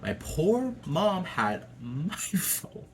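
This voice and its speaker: A man's voice: on the high side, sing-song, drawn-out words, slight background noise. A young adult man telling a personal story to camera in a casual, chatty way, swearing freely and laughing often. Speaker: vlogger.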